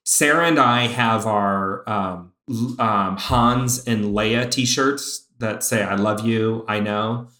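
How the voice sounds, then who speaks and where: A man co-hosting a casual chat, an excited fan who talks in bursts, now fast, now slow. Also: lowish voice. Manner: excited fan, speeds up and slows down. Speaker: podcast co-host. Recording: roomy echo.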